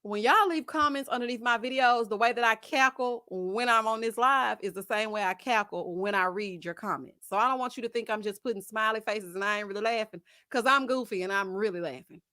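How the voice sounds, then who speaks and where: A woman's voice: a little high, fairly quick, few pauses, no room sound. Gossipy woman streamer, dry mic. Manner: gossipy, animated, laughs often, uses Southern US slang. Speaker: host of a live chat stream. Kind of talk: casual chat reading viewer comments.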